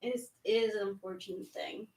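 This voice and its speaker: A woman chatting casually and tentatively in a soft-spoken way. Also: mid-range voice, fairly even intonation, a little fast, slight background noise, low-quality recording. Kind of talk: casual chat.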